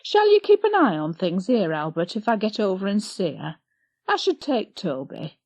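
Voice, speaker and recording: A woman's voice: medium pitch, very animated, moderate pace, a little mellow, no echo. A woman reading an audiobook, voicing a gloomy, bustling older village wife who grumbles in broad country dialect. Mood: brisk. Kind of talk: audiobook character voice.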